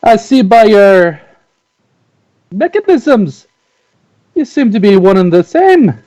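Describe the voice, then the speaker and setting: A man's voice: sits high, very animated, mellow, exaggerated voice, poor audio. A man playing a stammering dwarf tinkerer. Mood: awkward. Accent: put-on folksy drawl. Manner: halting, many filler restarts, folksy drawl. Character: awkward, chatty male dwarf tinkerer. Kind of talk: in-character tabletop role-play.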